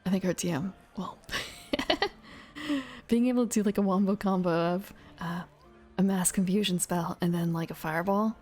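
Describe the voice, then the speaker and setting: A woman softly reading game rules aloud in an ASMR whisper, musing to herself between passages. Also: fairly low pitch, steady tone, moderate pace. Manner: soft, musing asides between rule text. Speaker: ASMR reader. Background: faint ambient music.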